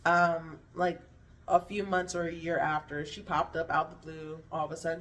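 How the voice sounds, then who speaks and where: A woman's voice: low-pitched, level tone, moderate pace, a bit bright, distant mic. Frank woman, mic set back. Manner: frank, meandering, profane, trailing off and restarting. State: hungry, slurring words a little. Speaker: vlogger. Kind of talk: candid personal storytelling to camera.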